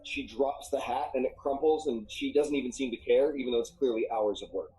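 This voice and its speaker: A man narrating a tabletop game as game master, halting with many ums and uhs. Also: medium pitch, dark tone, rough recording. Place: live stream.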